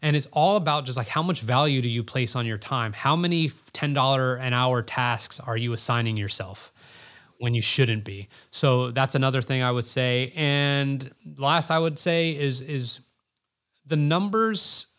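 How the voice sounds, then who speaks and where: A man speaking as a guest on a podcast, his voice sitting at an ordinary middle pitch. He talks in a casual, earnest way, reflecting as he goes and repeating words to drive a point home. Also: moderate pace, fairly bright tone. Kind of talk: casual interview talk.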